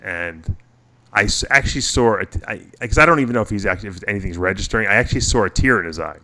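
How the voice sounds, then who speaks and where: A middle-aged man with a low voice that still has a bright, forceful edge. He hosts a casual radio chat and tells long personal stories, stopping and restarting his sentences as he goes. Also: animated, rapid-fire. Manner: rambling, personal storytelling with many restarts. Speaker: podcast host.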